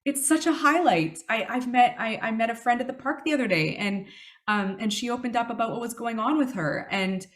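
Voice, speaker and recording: A woman's voice: on the high side, brisk. Woman in her 30s telling her recovery story, earnest, lots of ums and restarts. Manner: earnest and reflective, with many fillers and self-corrections. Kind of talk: personal testimony talk.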